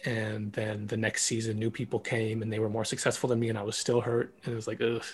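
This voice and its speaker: Speaking fast with a flat delivery and a fairly low voice, this former ballet dancer hosts a podcast, talking with a guest in a relaxed, reflective manner. He talks a lot and leans heavily on "like."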